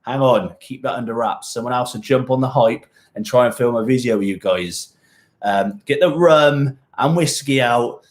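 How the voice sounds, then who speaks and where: A man's voice: medium pitch, normal speed. A man from Hereford with a Gloucestershire West Country twang and a touch of Welsh, hosting a fitness live stream from a cold home gym shed. He is jokey and rambling, laughs often, and chats casually as he reads out viewers' comments. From England, born in Hereford. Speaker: fitness channel host.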